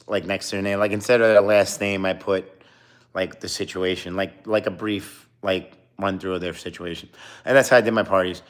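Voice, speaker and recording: Low, smooth-voiced man telling stories. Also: fairly bright tone. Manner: rambling, filler-heavy anecdote telling with quoted dialogue. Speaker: streamer. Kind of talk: casual storytelling.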